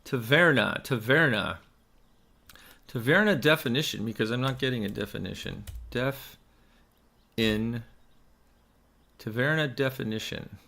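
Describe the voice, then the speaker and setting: A man's voice: mid-range voice, measured pace, gravelly, long pauses, bright, forceful tone. A man who is a stage actor, chatting in a casual vlog in a rambling, self-mocking way into a desk microphone.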